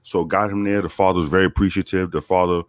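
A man's voice: deep voice, fast talker, dry recording, clean studio sound. A man, a former police officer, telling a story in a laid-back, casual way, cursing freely and acting out what people said. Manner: laid-back, profane, animated when quoting people.

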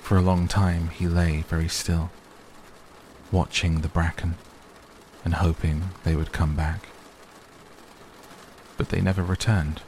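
A man softly and gently reading a bedtime story aloud as narrator. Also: low voice, level tone, slow pace, pauses often, slight background noise. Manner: gentle, hushed. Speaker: audiobook narrator. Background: soft rain sounds.

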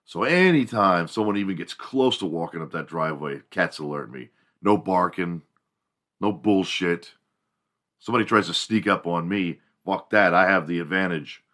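Bright-voiced, profane man ranting. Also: sits low, moderate pace. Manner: profane, animated storytelling. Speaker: podcast host. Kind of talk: casual comedic monologue.

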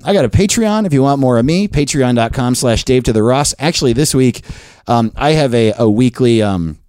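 A man hosting a podcast, talking in a rambling, self-deprecating, animated way. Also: mid-range voice, no room sound, clean studio sound. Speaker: podcast host. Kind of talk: casual monologue and chat.

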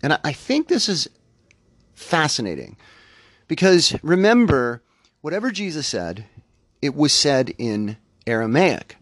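A man's voice: a little high, big pitch swings, a little slow, pauses often, no echo. A man hosting a spiritual podcast, talking in a thoughtful, conversational way and often correcting himself as he goes. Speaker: podcast host. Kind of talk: reflective spiritual podcast talk.

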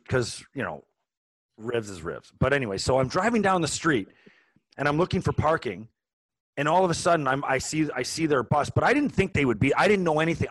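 Forties male co-host, casual storyteller with frequent restarts, mid pitch, dry close-miked sound. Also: dry recording. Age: 40s. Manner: animated, rambling with many restarts. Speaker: podcast co-host.

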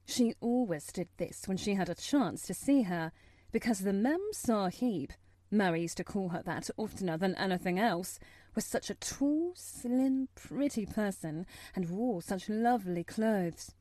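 A woman reading a story aloud as an audiobook narrator, measured and expressive. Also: medium pitch, no echo.

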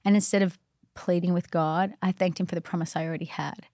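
A woman's voice: fairly low pitch, fairly even intonation, quick pace, mellow, no echo, clean studio sound. A woman telling a personal faith story in casual conversation, chatty and earnest, full of "like" and "you know". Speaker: guest.

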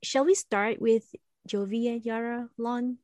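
A woman's voice: a little high, fairly even intonation, a little slow, a little mellow, no echo. Female podcast host, giggly and casual, close dry mic. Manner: chatty, giggly, playful. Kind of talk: casual chat. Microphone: close studio mic.

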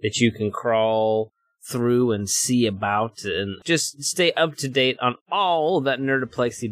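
A man's voice: medium pitch, takes it slowly, fairly bright tone. A man co-hosting a podcast, joking and rambling through casual chat. His voice sits in a middle register, and faint music runs underneath. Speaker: podcast co-host. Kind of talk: casual chat and show outro.

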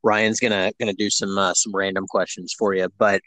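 A man's voice: low voice, little pitch movement, fairly quick, fairly bright tone, no echo. A man co-hosting a podcast, telling stories casually with plenty of fillers. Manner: conversational, storytelling, many fillers. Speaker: podcast co-host. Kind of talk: casual interview chat.

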